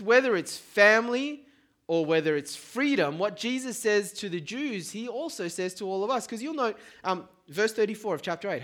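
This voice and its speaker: A man preaching a sermon in a relaxed, conversational way, often checking in with the congregation. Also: sits high. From Australia. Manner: informal, keeps checking in with "right?".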